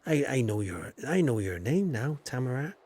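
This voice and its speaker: A man's voice: mid-range voice, sing-song, normal speed, darkish tone, slight background noise. A man rambling casually with lots of fillers while he streams a game. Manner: rambling, chatty, with many fillers. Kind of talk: casual live-stream chatter.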